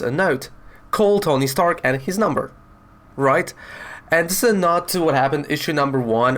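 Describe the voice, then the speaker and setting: Guy rambling thru a comic review, chatty, middle pitch, lots of um and you know. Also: fairly bright tone, clean tone. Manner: chatty, rambling with fillers and retellings.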